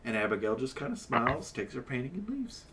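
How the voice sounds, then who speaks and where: A man's voice: mid-range voice, sing-song, a little fast, noisy background. A man narrating as dungeon master in a loose, rambling way, full of fillers and self-corrections. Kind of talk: improvised tabletop game narration.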